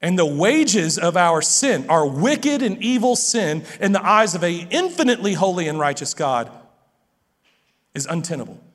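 High-voiced preacher in an echoing hall. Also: male voice, normal speed. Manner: animated preaching with many restarts and stammers. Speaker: pastor. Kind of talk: sermon.

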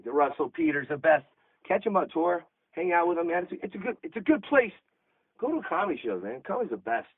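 A man signing off a show as its host in a hyped, fast, shouty way. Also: a little high, big pitch swings, slightly rough, no echo. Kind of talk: show sign-off. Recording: dry tinny phone-like line.

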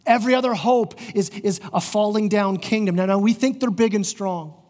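A man's voice: sits high, moderate pace, a little mellow. A middle-aged man preaching a sermon as pastor of his church, earnest, often restarting his words as he goes. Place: church sanctuary. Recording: long hall reverb.

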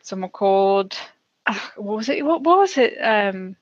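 A woman's voice: medium pitch, lively intonation, a little slow, dry recording, lo-fi sound. A woman playing a tabletop game, speaking politely with many stammers and restarts. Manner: polite, hesitant, stammering in character. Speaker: player. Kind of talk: tabletop role-play.

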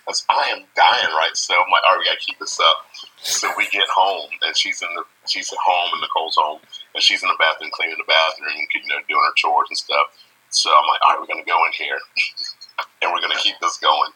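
Deep husky man telling stories. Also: fairly even intonation, fairly quick, sharp tone, poor audio. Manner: storytelling, laughs often, acts out quotes. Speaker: co-host. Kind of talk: casual podcast chat.

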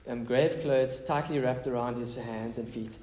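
A man's voice: mid-range voice, steady tone, normal speed, darkish tone, reverberant. A man preaching a casual, conversational sermon as pastor, mixing prayer, scripture reading and chatty asides.

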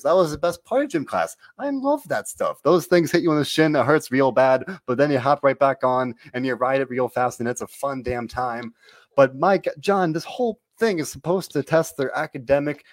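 A man hosting a casual wrestling podcast, talking in an animated, rambling way and often cutting himself off. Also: mid-range voice. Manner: rambling, animated, self-interrupting. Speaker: podcast host. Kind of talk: casual wrestling recap chat.

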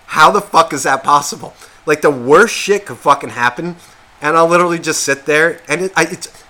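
A man with a somewhat high voice co-hosts a casual podcast, rambling and swearing nonstop. He keeps restarting sentences and second-guessing himself, and gets loud and heated when he's worked up.

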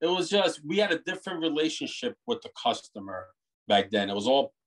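A middle-aged man born in Italy, a bakery owner, talking in an animated, rambling way with many restarts on a video call. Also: on the high side, fairly quick, slight background noise. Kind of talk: casual interview over a video call.

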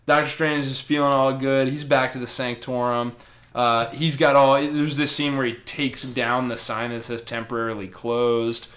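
A man's voice: mid-range voice, fairly even intonation, moderate pace, a bit bright. A man hosting a casual comics podcast, rambling and laughing as he retells a story. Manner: giggly, rambling, lots of "like". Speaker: podcast host.

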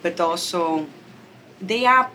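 A woman filmmaker answers interview questions thoughtfully, pausing now and then to search for words. Her voice is slightly low, with faint ambient noise behind her. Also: animated, bright, forceful tone. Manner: thoughtful, hesitant.

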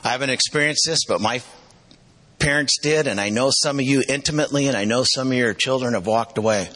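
A man's voice: medium pitch, fairly quick, a bit bright, low-quality recording. A middle-aged man preaching a sermon, telling personal stories with emotional, repetitive emphasis. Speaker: pastor.

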